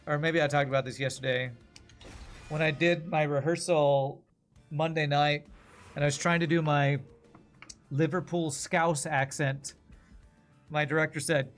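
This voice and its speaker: A man's voice: a little high, steady tone, measured pace, pauses often, soft background music. A man casually commenting on his gameplay while streaming, joking with his chat between moves. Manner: chatty, jokey, talks to chat while playing. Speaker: game streamer.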